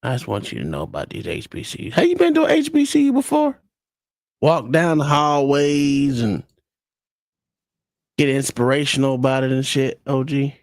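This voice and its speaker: A man hosts a loose, profane livestream chat. His pitch swings widely as he talks. The mic is close and dry. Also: big pitch swings, moderate pace, dry recording. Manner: loose, profane, laughing a lot. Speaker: livestream host. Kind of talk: casual podcast chat.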